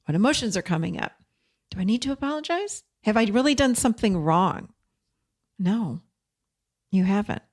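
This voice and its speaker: A podcast host speaks in a medium-pitched, slightly mellow voice, very animated, at normal speed with long pauses. She delivers a casual, direct teaching monologue and acts out snippets of quoted dialogue along the way.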